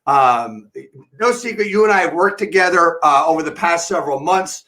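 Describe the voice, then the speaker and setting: A man's voice: on the high side, moderate pace, sharp tone. A man hosting an interview show, rambling and restarting his questions. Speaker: host. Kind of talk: casual interview chat.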